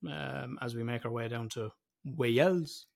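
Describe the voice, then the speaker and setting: A man's voice: medium pitch, vocal fry, a little hiss or hum. A man co-hosting a podcast in casual chat, sweary and teasing, laughing often. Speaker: podcast co-host.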